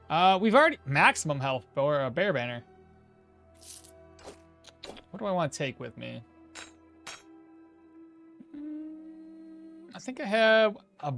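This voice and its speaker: Male streamer, slightly high and lively delivery, relaxed talk-through of his own play with frequent chuckles. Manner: thinks aloud, chuckles often, answers chat. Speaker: streamer playing a game. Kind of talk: casual gameplay commentary.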